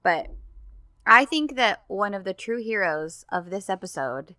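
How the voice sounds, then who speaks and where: Woman co-host, casual recap chat, lively and quick to laugh, dry mic. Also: medium pitch, dry recording. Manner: animated, laughs often, acts out quotes. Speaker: podcast co-host.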